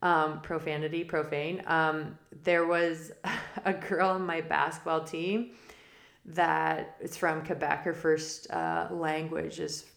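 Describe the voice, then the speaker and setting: A woman's voice: low voice, little pitch movement, slow pace, creaky, a bit bright. A woman hosting a spiritual forecast podcast, talking casually and rambling off on tangents with frequent laughs. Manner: rambling and digressive; laughs often mid-sentence. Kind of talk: casual spoken monologue. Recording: roomy echo.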